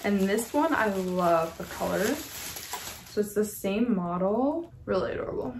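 A woman's voice: medium pitch, expressive, measured pace. A woman hosting a casual unboxing vlog, chatty and gushing, with lots of filler words. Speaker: vlogger unboxing model horses. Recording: echoey room with faint background noise.

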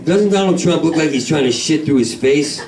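A man with a New York accent doing a stand-up routine in a comedy club, manic and rambling, swinging from yells to mutters. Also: a little high, normal speed, heavy background noise. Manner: manic, rambling, swings between yelling and mumbling. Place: comedy club main room. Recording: roomy club sound from a far mic, audience laughter.

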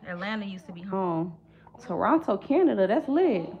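A woman's voice: medium pitch, very animated, normal speed, lo-fi sound. A young woman hosts a casual live-stream vlog, chatting and greeting viewers by name. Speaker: vlog host. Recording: noticeable background noise.

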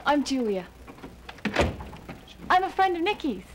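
A woman's voice: sits high, sing-song, measured pace, background noise. An actress playing a friendly young woman who makes sound effects, introducing herself politely. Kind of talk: children's TV drama acting.

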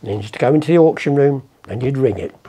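A podcast guest with a warm, husky, medium-pitched voice talks quickly. He rambles through casual anecdotes, dropping swear words and playing out the characters in his stories.

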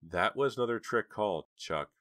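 A man voicing a scared teenage girl who speaks softly and nervously. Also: lowish voice, lively intonation, normal speed, dry recording, clean studio sound, voice pushed up. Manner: soft, nervous.

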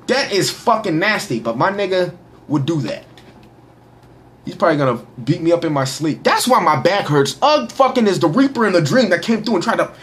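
A young man giving casual, boisterous shout-outs to followers in a profane, slangy way. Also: high voice, animated, a little fast. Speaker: vlogger reading social media shout-outs. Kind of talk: casual live shout-out chat.

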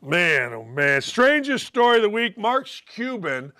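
Brash middle-aged male sports talk host with a high, bright voice, combative and mocking. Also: big pitch swings, unhurried. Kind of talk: opinionated sports talk monologue.

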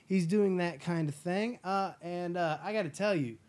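A man hosting a casual movie review chat, enthusiastic and profane, acting out scenes in quick impressions. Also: high voice, a little mellow. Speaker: podcast host.

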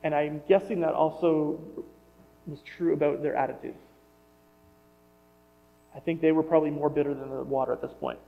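A middle-aged man preaches in a relaxed, conversational manner, often restarting his sentences as he thinks aloud. His voice sits a little high, and it rings with a long hall reverb. The recording sounds slightly dull and muffled. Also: normal speed, gravelly, pauses often. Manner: conversational, self-correcting, wonders aloud. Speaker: pastor. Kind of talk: sermon.

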